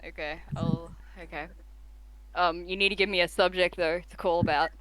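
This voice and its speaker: A woman chatting casually with friends as a tabletop game player, animated and playful. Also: lowish voice, normal speed, rough recording. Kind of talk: casual chat.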